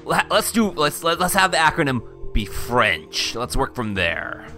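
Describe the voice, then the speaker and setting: A man's voice: mid-range voice, big pitch swings, measured pace, over music. A man voicing a silly male acronym creature, talking in a hesitant, stumbling way. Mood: coaxing.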